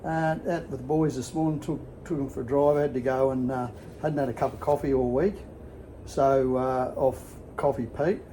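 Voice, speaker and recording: A man's voice: medium pitch, fairly even intonation, moderate pace, warm tone, a little hiss or hum, rough recording. An older Australian man telling a rambling story to camera at home, with many fillers and restarts. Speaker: vlogger. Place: at home sitting with his dogs.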